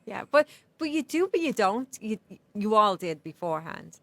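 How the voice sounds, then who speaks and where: A woman's voice: medium pitch, very animated, moderate pace, no echo. A middle-aged woman with an Irish accent, chatting as a podcast guest and laughing often. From Ireland. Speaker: podcast guest, nonprofit founder. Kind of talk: casual interview chat.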